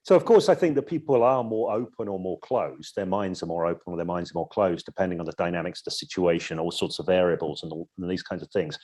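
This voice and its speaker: In a relaxed, thoughtful podcast interview, an Edinburgh man talks about his coaching work, his voice low, husky and somewhat dark. Examples drive his explanations, and at moments his delivery slows into something soothing and hypnotic.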